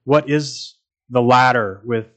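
A man's voice: mid-range voice, takes it slowly, a bit bright. A man preaching a sermon in an earnest, emphatic way, repeating phrases for stress.

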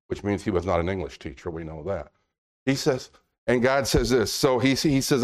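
A man preaching a sermon, reading scripture slowly and acting out biblical dialogue in a conversational way. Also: mid-range voice. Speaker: pastor.

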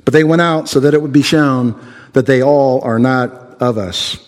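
A man's voice: medium pitch, moderate pace. A man preaching a sermon and leading prayer in an earnest way, often restarting his words and using fillers. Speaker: pastor. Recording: long hall reverb.

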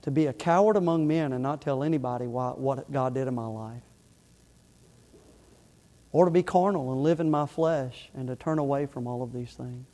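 A middle-aged male pastor preaching a sermon in church, impassioned, rising loud and falling soft. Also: medium pitch, moderate pace, big-room sound. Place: church sanctuary.

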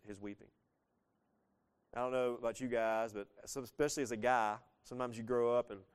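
Preaching verse by verse, a pastor in his thirties keeps an easygoing, conversational tone. His resonant, smooth voice sits at a middle pitch, and his earnest talk occasionally surges into sharp emphasis.

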